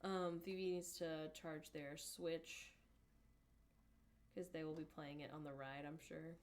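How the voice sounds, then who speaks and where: A woman's voice: low-pitched, level tone, slow, slight background noise. A woman co-hosting a casual livestream, rambling along with lots of "um" and "like". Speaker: livestream co-host.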